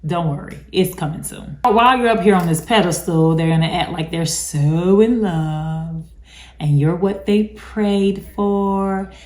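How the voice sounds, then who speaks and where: A woman's voice: lowish voice, a little slow, darkish tone. A woman hosting a casual advice talk, speaking emphatically and chattily with many asides. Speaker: host talking about narcissistic abuse. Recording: roomy echo.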